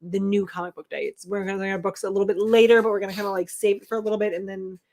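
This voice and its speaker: A woman in her thirties co-hosting a casual livestream, telling stories with lots of laughter and loud, animated outbursts. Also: mid-range voice, rapid-fire, gravelly. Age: 30s. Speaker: co-host.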